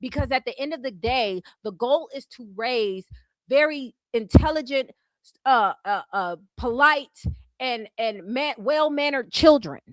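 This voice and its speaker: A woman's voice: high-pitched, lively intonation, measured pace, no echo. A woman hosting a casual reaction stream, giving blunt, sassy commentary full of profanity and mocking asides.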